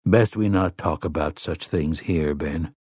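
A man voicing a terse, calm gunslinger in an audiobook. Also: extremely low pitch, measured pace, husky, no room sound, studio quality, voice pushed down, full character voice.

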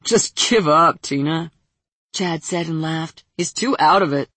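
A woman reading aloud and voicing a hot-tempered young male demon in a loud, mocking way. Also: deep voice, measured pace, breathy edge, no room sound, heavily acted. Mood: scornful.

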